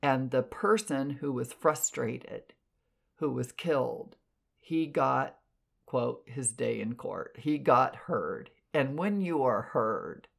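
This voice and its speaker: Gravelly, slow-talking woman telling stories. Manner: animated, expressive, jumps in pitch for emphasis. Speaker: clairvoyant podcast guest. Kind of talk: casual storytelling.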